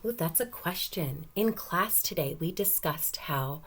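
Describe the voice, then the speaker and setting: Slow, gentle woman teacher reading aloud. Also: on the low side, lively intonation, breathy edge. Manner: gentle, encouraging, asks questions and pauses. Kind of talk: reading a picture book aloud to young students.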